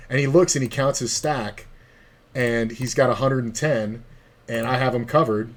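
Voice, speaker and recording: A man's voice: mid-range voice, fairly even intonation, moderate pace. A man streaming online poker who tells a long, profane story with quoted dialogue, in a casual, chatty way.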